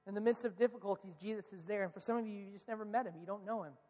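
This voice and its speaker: A man's voice: high-pitched, rapid-fire, darkish tone, big-room sound. A man preaching a sermon as the church's pastor, earnest and asking the congregation questions.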